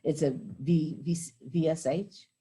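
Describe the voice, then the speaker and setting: Older woman, teacher, low voice, mellow tone, rambling, self-correcting, reads verse aloud. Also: fairly even intonation, unhurried, husky. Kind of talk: lecture and reading poetry aloud.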